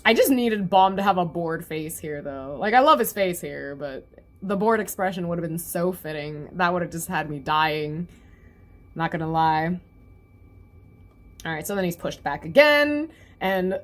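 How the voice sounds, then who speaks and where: A woman's voice: fairly low pitch, unhurried. A young woman giving a casual, giggly review of a webcomic chapter, often acting out the characters' lines.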